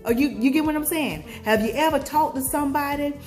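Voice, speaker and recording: A woman's voice: sits high, brisk, a little mellow, faint music behind. A woman from Georgia with a Southern accent, giving a motivational pep talk to viewers and asking them questions as she preaches. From Georgia, USA. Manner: preachy, call-and-response questions, sings snippets. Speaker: motivational vlogger.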